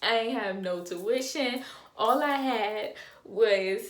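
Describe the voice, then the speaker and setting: A woman's voice: fairly high pitch, takes it slowly, reverberant. A young woman in her twenties, telling a storytime vlog dramatically, acting out quotes and making sound effects. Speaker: vlogger.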